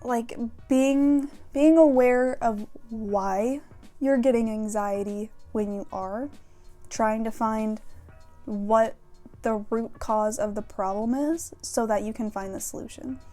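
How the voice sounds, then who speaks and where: A woman's voice: a little high, fairly even intonation, slow pace, warm tone, faint music behind. A young woman vlogging frankly and casually, with plenty of fillers and casual swearing. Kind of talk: candid talk to camera about mental health.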